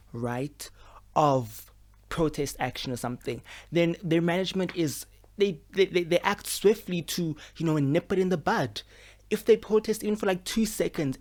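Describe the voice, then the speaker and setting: A young man, talking casually to camera at home. He is expressive and frustrated, and he uses lots of fillers. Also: on the high side. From South Africa. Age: 20s. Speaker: medical student vlogger. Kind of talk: casual vlog monologue. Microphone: camera with a mic.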